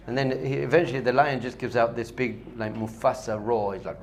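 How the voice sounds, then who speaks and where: A man's voice: mid-range voice, steady tone, fairly quick, a little hiss or hum. A man, a rabbi, giving a spiritual lesson with a story, talking animatedly and repeating key points for emphasis.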